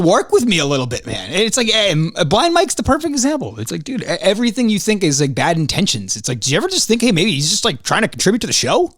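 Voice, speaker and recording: A podcast host who talks in a lively, swooping way, his voice a bit higher than most men's. He rants, swears freely and climbs sharply in pitch when he gets fired up. The sound is dry and close, with no room in it. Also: dry recording. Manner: animated, ranting and profane, voice jumping high when worked up. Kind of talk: casual solo podcast monologue.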